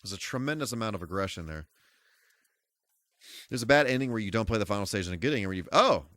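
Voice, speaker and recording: A man talks through a live game stream on a close streaming mic, his voice leaping high and dropping low. He mixes silly yelps with mock-formal little asides. The sound is dry and close, with no room echo. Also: fast talker. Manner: animated, goofy exclamations and mock-formal asides. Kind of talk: live gameplay commentary.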